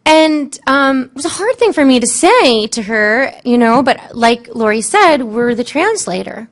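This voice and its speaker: Chatty woman telling animal stories. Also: high voice. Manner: lively, quotes animals and people in changing tones; halting, frequent fillers and restarts. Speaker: animal communicator panelist. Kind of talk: storytelling on a panel.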